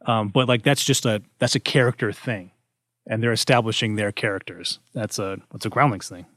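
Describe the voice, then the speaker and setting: A man's voice: fairly low pitch, fairly quick, fairly bright tone, no echo, studio quality. A man co-hosting a casual comedy panel, rambling with many restarts and fillers. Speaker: podcast co-host. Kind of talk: casual discussion.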